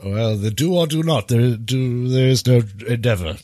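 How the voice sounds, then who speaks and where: A man's voice: mid-range voice, expressive, moderate pace, a little mellow, no room sound, studio quality. A man playing a tabletop role-playing game, speaking in character with a fussy, hesitant delivery. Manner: hesitant, with fussy stammering restarts. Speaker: tabletop player.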